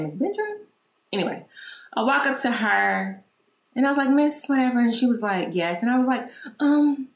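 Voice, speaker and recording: Animated woman telling a story in an echoey room. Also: on the high side. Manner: animated, acts out remembered dialogue, swears freely. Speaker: podcast host. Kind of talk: casual personal storytelling.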